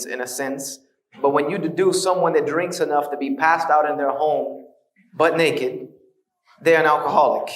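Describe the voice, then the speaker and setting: A man's voice: a little high, roomy sound, far from the mic, rough recording. A man giving a conversational lecture, telling his story with earnest storytelling and wry humor.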